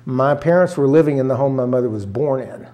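A man's voice: medium pitch, fairly quick, mellow. Older man telling an emotional family story. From rural Arkansas, US. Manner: earnest, emotional, often choked up, acts out quoted family voices. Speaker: guest. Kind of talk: personal storytelling in an interview.

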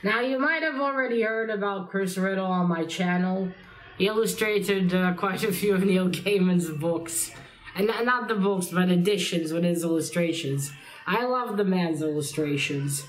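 A young woman with a lowish voice chats loosely about her books, wandering between thoughts and dropping the occasional swear. She has a slight cold that roughens the edges of her casual vlog talk. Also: normal speed. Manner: rambling, casual, swears lightly. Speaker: book vlogger. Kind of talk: casual reading vlog chat.

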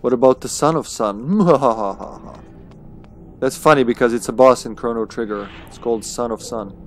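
A man's voice: medium pitch, measured pace, slight background noise. A man streaming a video game live, chatting casually to himself with swearing and chuckles. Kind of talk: live gaming commentary.

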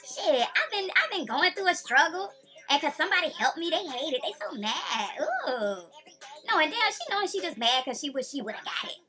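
A woman's voice: very high voice, sing-song, fairly quick, music in the background. A woman content creator in a blunt, outspoken livestream rant, swearing freely and repeating her points.

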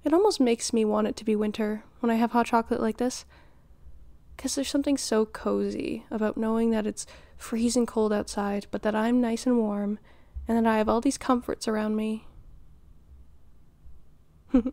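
A woman voicing a doting, flirty middle-aged mother in an audio role-play, nurturing and teasing with giggles and flustered pauses. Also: a little high, fairly even intonation, warm tone, no echo, lightly acted.

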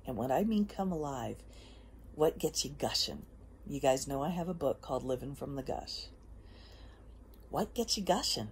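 A woman hosting a casual motivational monologue, emphatic, often dropping into soft whispers before rising again. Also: rumbling low, animated, normal speed, a little hiss or hum. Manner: emphatic, drifts between soft whispers and bursts. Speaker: host. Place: outdoors.

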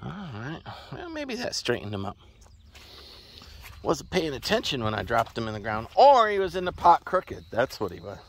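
Walking a wet meadow on his ranch, a farm vlogger rambles in a folksy way and chats to his horse in this casual walk-and-talk vlog. His mid-range voice swings hugely in pitch at a moderate pace.

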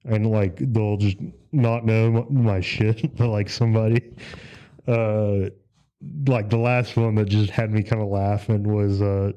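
Low mellow-voiced man chatting casually. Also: level tone, measured pace, dull audio. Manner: laid-back, swears a lot, rambling with many fillers. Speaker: podcast host. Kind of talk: casual chat.

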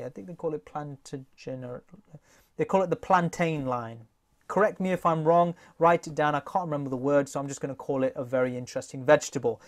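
A man teaching a recorded test-prep lesson, talking straight to his class in a lively, jokey way. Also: a little high, a little fast.

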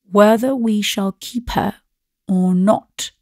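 A woman's voice: mid-range voice, fairly even intonation, slow, darkish tone, no echo, studio quality. A woman reading the part of a grand, bossy elder spinster sister who speaks in a lofty, firm way.

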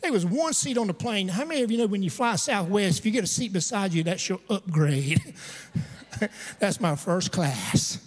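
A man's voice: high-pitched, lively intonation, normal speed. A pastor preaching a storytelling sermon to his congregation, conversational and humorous, with asides to the listeners. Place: church sanctuary. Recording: long church hall reverb.

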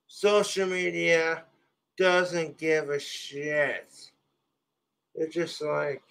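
A live streamer swearing and shouting at objects in fits of rage, muttering bitterly between outbursts. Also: male voice, a little high, level tone, very slow, creaky. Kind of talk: angry solo rant on stream.

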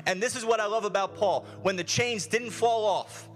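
Fairly high-voiced preaching pastor. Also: male voice, normal speed, fairly bright tone. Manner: earnest, repetitive preaching with restarts. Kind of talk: sermon. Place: church sanctuary.

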